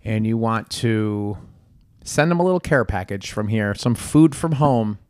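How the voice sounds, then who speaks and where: A man's voice: on the low side, animated, a little slow, a little mellow, no room sound. Rambling man hosting a chat show, dry sound. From Central New York. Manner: rambling, searching for words, laughs often. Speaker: host. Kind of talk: casual chat.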